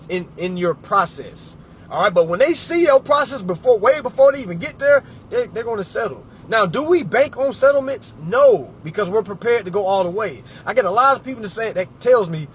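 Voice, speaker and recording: With a high voice and a little background noise, a man speaks casually to the camera, giving clients emphatic, sermon-like advice. His tone is colloquial, and he addresses the audience as "y'all" and "family."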